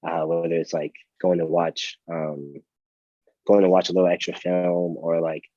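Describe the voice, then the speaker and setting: A young man with a very low voice tells a story in a casual interview, rambling and restarting his sentences with plenty of fillers. The sound is dry and a little dull, with no room echo. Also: completely flat delivery, normal speed, mellow. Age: young adult. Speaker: college athlete guest.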